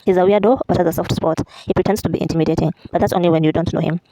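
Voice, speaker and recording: Woman reading a book out loud, quick pace, mellow tone, fixes her slips and chats a bit in between. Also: on the low side, fairly even intonation, no room sound, poor audio. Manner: reads aloud with self-corrections and chatty asides. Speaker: vlogger reading a memoir aloud. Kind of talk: casual read-aloud.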